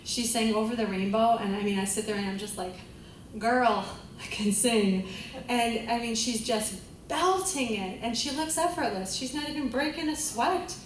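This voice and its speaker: A woman's voice: fairly high pitch, moderate pace, a little hiss or hum. A woman vocal coach teaching a group class, chatty and enthusiastic, often laughing. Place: large room with a class. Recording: echoey room, voice from a distance.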